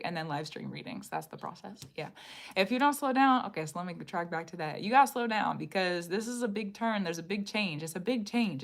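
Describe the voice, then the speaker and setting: A woman's voice: medium pitch, fairly bright tone. Woman musing aloud on a live stream. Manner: repetitive, musing, talks to viewers directly. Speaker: tarot reader hosting a live stream. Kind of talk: live-streamed card reading.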